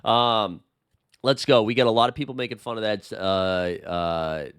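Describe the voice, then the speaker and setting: A man's voice: lowish voice, fairly even intonation, measured pace, a bit bright, clear, resonant tone, no room sound. Boston guy w a scratchy sick voice rambling about his team, lots of uhs, dry close sound. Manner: chatty, rambling with many fillers. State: hoarse, sick voice. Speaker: sports channel host. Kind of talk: casual sports chat to camera.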